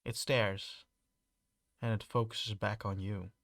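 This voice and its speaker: A man's voice: fairly low pitch, flat delivery, takes it slowly, a bit bright, no echo, clean studio sound. A man running a tabletop game, describing scenes with frequent restarts. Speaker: game master.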